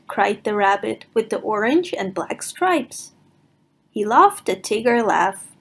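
Woman reading a children's story slowly. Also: medium pitch, very animated, fairly bright tone, breathy edge. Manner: slow, sing-song reading for small children. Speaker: storybook reader. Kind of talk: children's read-aloud narration.

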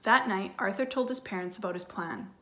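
A woman, a teacher, reading a picture book aloud to children, with warm, chatty asides to her young listeners. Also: medium pitch, fairly quick, a little hiss or hum. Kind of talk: storybook read-aloud for children.

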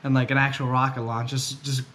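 A man's voice: medium pitch, flat delivery, a little fast, fairly bright tone. A young man vlogging casually, chatty and joking as he rambles. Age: young adult. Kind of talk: casual vlog narration. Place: outdoors on a pier by the water.

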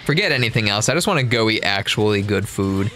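A man's voice: lowish voice, lively intonation, quick pace, pushed and bright, faint music behind. A young man co-hosting a gaming channel, cracking goofy jokes into his desk mic while playing. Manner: goofy, silly jokes, giggles. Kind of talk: casual chat while gaming. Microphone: own desk mic.

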